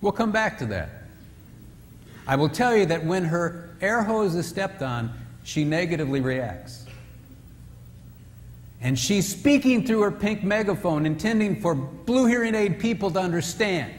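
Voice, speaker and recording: A man giving a humorous marriage seminar talk at a retreat, telling stories in an animated way and acting out the characters. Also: sits high, a little slow, a little hiss or hum. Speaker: retreat speaker. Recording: reverberant hall.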